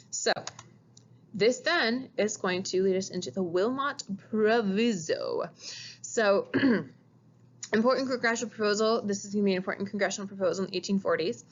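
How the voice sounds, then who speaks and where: A woman's voice: medium pitch, moderate pace, highs cut off, slight background noise. A woman teaching a casual recorded history lecture, chatty and informal, pointing at a map as she explains. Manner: chatty, says "gonna" and "like", acts out quotes.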